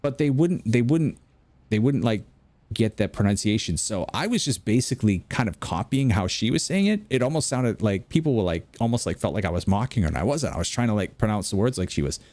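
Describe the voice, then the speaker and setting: This gameplay commentator, an American man, has a lowish, darkish voice and talks animatedly and a little fast. He wanders through stories and cuts himself off mid-sentence, captured in a dry recording.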